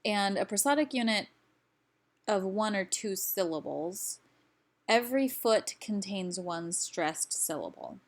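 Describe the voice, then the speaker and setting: A woman gives a recorded lesson at an unhurried pace. She explains carefully and stops for small fillers as she goes. Her pitch sits in an ordinary middle range. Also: expressive. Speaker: language teacher.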